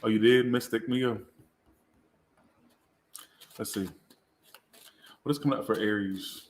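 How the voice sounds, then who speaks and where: Speaking a little slowly in a lowish voice with fairly even intonation, a tipsy man gives a live tarot reading. He is rambling, crude, and self-mocking, with a roomy echo and slight background noise.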